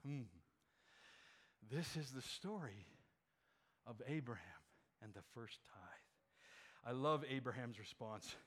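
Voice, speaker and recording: A man's voice: mid-range voice, expressive, takes it slowly, long pauses, fairly bright tone. A male pastor preaching a sermon with emphasis, firing rhetorical questions at his congregation.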